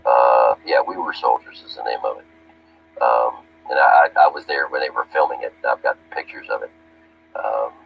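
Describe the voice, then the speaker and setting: A man's voice: rumbling low, gravelly, a little hiss or hum. A man who worked on Army power systems, narrating over his photographs in a rambling, plainspoken way with many fillers. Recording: dull lo-fi recording with faint music.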